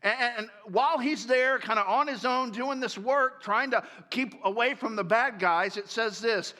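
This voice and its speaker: A man's voice: extremely high pitch, normal speed, hardly any pauses, bright, forceful tone, in a large hall. A male pastor preaching a sermon in a casual, joking storytelling way, in a large church.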